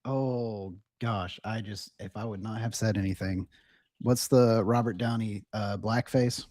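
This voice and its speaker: A man co-hosting a casual podcast, chatty and hesitant, often trailing off softly. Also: lowish voice, steady tone, unhurried, dry recording, clean studio sound. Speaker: podcast co-host. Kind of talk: casual chat.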